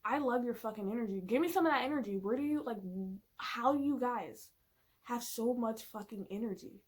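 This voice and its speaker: Woman vlogger, slightly high-pitched, loose profane casual chat, playful and emphatic. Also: animated, normal speed, darkish tone. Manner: profane, filler-heavy and chatty.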